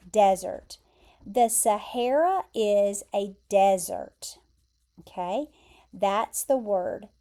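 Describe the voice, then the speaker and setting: An American woman with a mellow, mid-range voice gives a vocabulary lesson. She explains word pairs carefully and repeats each pronunciation clearly.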